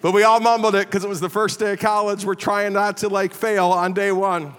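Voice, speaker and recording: A man's voice: sits high, flat delivery, fairly quick, smooth. A middle-aged man from the Chicago area preaching a sermon, telling stories in a conversational, self-deprecating way. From Chicago area, USA. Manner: self-deprecating, conversational, often adds "all right?". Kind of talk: storytelling sermon. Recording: long reverb of a big hall.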